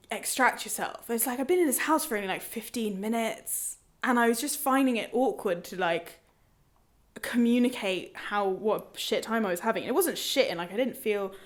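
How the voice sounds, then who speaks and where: A woman frankly recounting a personal experience on a podcast, full of fillers and restarts. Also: fairly high pitch. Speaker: podcast guest telling a personal story. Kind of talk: candid personal storytelling.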